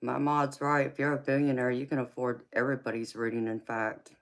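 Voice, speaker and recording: A woman's voice: extremely low pitch, flat delivery, a little fast. Teasing woman with a Southern drawl. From California. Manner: chatty and teasing, laughs often, calls viewers honey and baby. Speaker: livestream tarot reader host. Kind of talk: casual live-chat banter with viewers.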